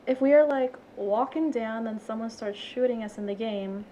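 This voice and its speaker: A young woman with a fairly high voice chats as a podcast guest, giggling often and acting out the people she quotes. Her talk is lively and casual. A faint hiss sits under the recording. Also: moderate pace, low-quality recording. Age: 20s. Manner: giggly, animated storytelling with acted-out quotes. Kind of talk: casual chat.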